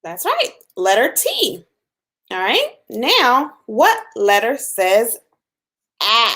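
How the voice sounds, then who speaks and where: A woman teaching a phonics lesson to young children, patient and encouraging, sounding out letters slowly. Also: a little high, very animated, sharp tone. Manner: slow, patient, drawn-out sounds with encouraging praise.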